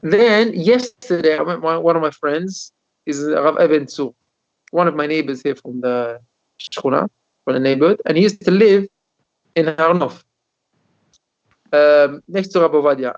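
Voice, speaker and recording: A man, a rabbi, telling stories in a Torah class over a video call, animated and often repeating his words. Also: fairly high pitch, moderate pace. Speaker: rabbi teaching a Torah lesson. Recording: dull lo-fi video call audio.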